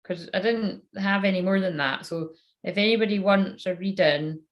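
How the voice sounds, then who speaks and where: A woman doing a casual psychic tarot reading on a live stream speaks at medium pitch and a moderate pace. She chats self-mockingly, swears freely, and mutters to herself while playing with her phone.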